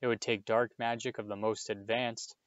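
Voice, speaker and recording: A man reading aloud, voicing a calm, wise old male headmaster who speaks softly and firmly. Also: fairly low pitch, moderate pace, no echo, lo-fi sound, close to an everyday voice. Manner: soft, firm, patient.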